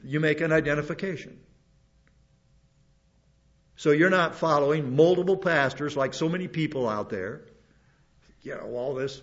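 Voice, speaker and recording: An older man, a pastor, preaching a rambling sermon with many restarts and asides. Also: a little high. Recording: dull lo-fi recording.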